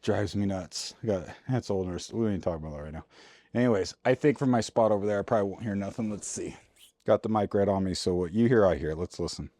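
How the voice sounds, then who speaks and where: A man with a lowish, mellow voice talks quickly, recorded without echo. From inside his RV, he works and chats into a handheld mic, grumbling in folksy, informal vlog talk to himself and his viewers.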